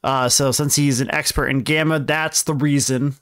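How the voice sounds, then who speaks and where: A young man co-hosting a casual podcast explains films, recapping a story at length in a rambling way and correcting himself as he goes. His mid-range voice is steady, moderately paced, fairly bright, clear and resonant, captured in a dry, clean studio recording.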